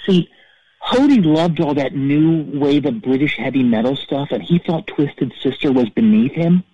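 An actor playing a petty, self-righteous middle-aged rock-fan caller who rambles and stammers through a comedic call-in story. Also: male voice, fairly high pitch, lively intonation, normal speed, warm tone, highs cut off, a little hiss or hum, natural voice. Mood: storytelling.

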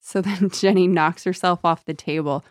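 A woman's voice: on the low side, fairly even intonation, moderate pace, no room sound, clean studio sound. A woman chatting casually about a book in a wry, sarcastic way, often mock-quoting the characters.

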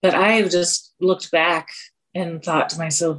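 A woman's voice: fairly low pitch, fairly even intonation, a little slow, fairly bright tone. Candid woman in her forties. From Colorado. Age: 40s. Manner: earnest and confessional, with sighs and self-deprecating laughs. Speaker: podcast guest. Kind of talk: candid personal interview.

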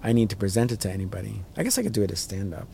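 A man, the guest on a casual podcast, talking in a rambling way and jumping his pitch up when he acts out voices. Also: lively intonation, racing, creaky, warm tone, a little hiss or hum. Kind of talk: casual chat.

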